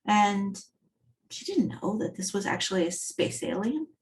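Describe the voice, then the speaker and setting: A woman's voice: medium pitch, lively intonation, a little slow. A woman giving an accessibility talk at a design meetup, speaking in a conversational, storytelling manner. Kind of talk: conference talk.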